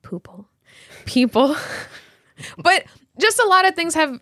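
A woman in her twenties co-hosting a podcast, telling stories in lively casual chat and laughing often. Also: very high-pitched, a little slow, no echo, clean studio sound. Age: 20s. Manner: animated storytelling, laughs often. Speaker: podcast co-host.

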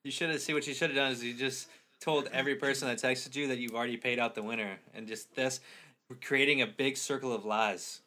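A man's voice: mid-range voice, steady tone, fairly quick, bright, forceful tone. A young man co-hosting a podcast in casual chat, rambling and joking, with lots of fillers and swearing. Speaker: podcast co-host.

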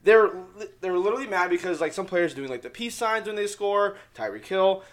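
A young man with a fairly high voice hosts his sports podcast in a loose, rambling way. He gets loud and excitable and swears all the time. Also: a little fast. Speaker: podcast host. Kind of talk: casual sports podcast chat.

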